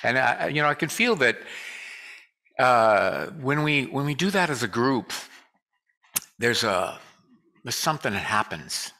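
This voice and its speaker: Bright-voiced man giving a lively casual sermon. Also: mid-range voice, measured pace, long pauses. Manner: joking, conversational, leads call and response. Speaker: guest speaker. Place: church sanctuary.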